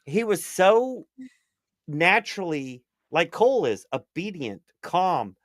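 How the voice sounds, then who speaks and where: Man, slightly high voice, dry close sound, rambling and profane casual storyteller. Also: slow, dry recording. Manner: animated, swings up in excitement. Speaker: prepper livestream co-host. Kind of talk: casual chat.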